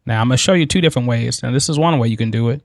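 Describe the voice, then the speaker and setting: Man talking through a software tutorial. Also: medium pitch, rapid-fire, creaky, no room sound, clean studio sound. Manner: thinks aloud, loose and informal. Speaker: tutorial host. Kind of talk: screen-recorded software tutorial.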